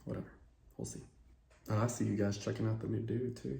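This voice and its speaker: A man's voice: fairly low pitch, level tone, fairly quick, gravelly, warm tone. A man who is losing his voice, joking and hyping himself up in a casual vlog before a job interview. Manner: upbeat, joking, hypes himself up. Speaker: job candidate and channel host. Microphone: podcast microphone. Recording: roomy sound with music behind.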